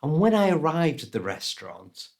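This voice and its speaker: A British man telling a story as an English lesson, slow and deliberate, his voice rising and falling a lot. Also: on the high side. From United Kingdom. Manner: slow, deliberate delivery with lively ups and downs. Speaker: English teacher.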